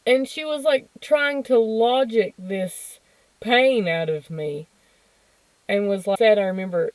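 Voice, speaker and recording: A woman's voice: medium pitch, slow, dry recording, poor audio. A woman in her thirties hosting a podcast, telling personal stories in a candid, emotional way, laughing and swearing freely. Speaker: podcast host. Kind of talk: personal storytelling monologue.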